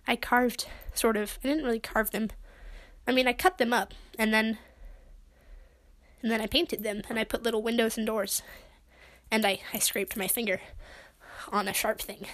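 A woman's voice: fairly high pitch, fairly bright tone. A young woman from Utah hosting a solo podcast from her bedroom, chatting in a rambling, awkward, self-deprecating way. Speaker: podcast host.

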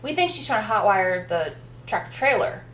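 A woman's voice: mid-range voice, expressive, normal speed, fairly bright tone, roomy sound. A woman in casual film discussion, chatty, recapping the plot in detail with little sidebars.

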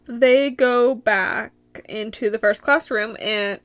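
Giggly rambling woman, bright dry voice. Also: fairly high pitch, slow pace, no echo. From Michigan. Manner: giggly, rambling, goes off on tangents. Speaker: podcast host. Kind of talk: solo podcast recap, casual chat.

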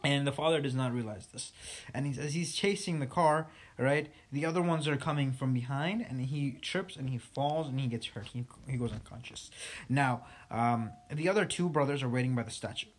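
A man's voice: mid-range voice, normal speed. A man casually retelling a sad film plot, rambling, with many fillers and restarts.

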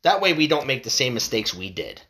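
A man's voice: mid-range voice, big pitch swings, brisk, pushed and bright. A man delivering a heated monologue to his viewers, swearing often, repeating himself and stumbling over restarts. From United States. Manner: fired up, swearing, repeating phrases. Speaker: vlogger.

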